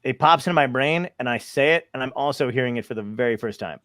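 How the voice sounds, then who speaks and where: Rambling comedian host, very dry sound. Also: male voice, medium pitch, quick pace, a bit bright, dry recording. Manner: rambling, self-deprecating, swears freely. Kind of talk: casual chat.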